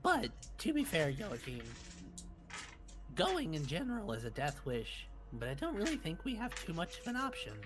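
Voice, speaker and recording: A player speaking in character at a tabletop game, measured and deliberate. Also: mid-range voice, huge pitch swings, soft background music.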